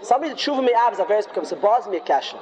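A man preaching an excitable, folksy sermon sprinkled with Hebrew and Yiddish terms. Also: high-pitched, rapid-fire, soft background music. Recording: long hall reverb.

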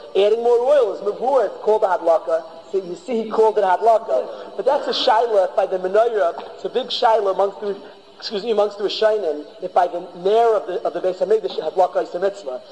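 A man's voice: high-pitched, mellow. A man teaching a Torah class as a rabbi, emphatic, often repeating and restarting his phrases. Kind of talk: Torah lecture. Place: yeshiva hall. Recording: long reverb of a large hall.

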